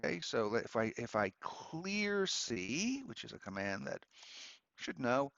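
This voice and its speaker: A man, a law professor, giving a relaxed, conversational screen-recorded lesson at his computer, with frequent ums and asides. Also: mid-range voice, measured pace, gravelly, no echo, lo-fi sound. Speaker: law professor teaching a course.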